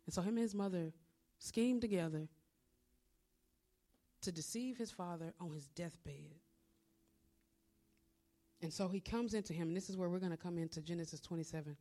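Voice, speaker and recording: Woman preacher, sermon, low-ish voice, chatty storytelling. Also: moderate pace, long pauses. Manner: conversational, animated storytelling.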